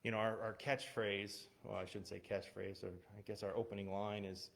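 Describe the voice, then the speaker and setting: A man with a lowish, creaky voice talks briskly and with little pitch movement, over some background noise. He's a missionary pastor visiting a church as a guest, telling personal stories conversationally, full of fillers and restarts, and laughing at himself. The service is streamed online over an unstable connection that glitches.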